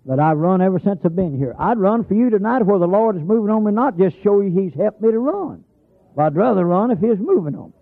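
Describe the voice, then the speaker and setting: A man preaches in a folksy storytelling way, his voice rough and gravelly and pitched a bit high. He punches out scripture lines with emphasis. The old tape sounds thin and phone-like. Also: animated, a little fast. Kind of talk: holiness sermon.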